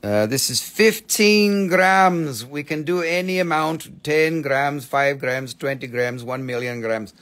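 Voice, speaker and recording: A man's voice: fairly high pitch, expressive, slow pace, hardly any pauses, fairly bright tone. A man selling stones on a live shop stream, in joking patter with playful broken English. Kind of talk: live sales pitch.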